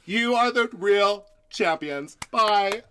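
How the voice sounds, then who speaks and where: A man putting on a high, gushing voice as an effusive, sassy woman morning-TV host. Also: expressive, slow pace, bright, forceful tone, slight background noise, heavily acted. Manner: squealing, effusive, mock-threatening.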